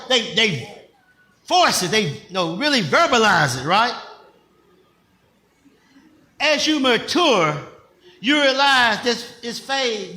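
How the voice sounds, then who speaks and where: An older man, a pastor, preaching in a conversational style with call-and-response questions, rising at times to shouts. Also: high-pitched, echoey room. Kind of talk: sermon.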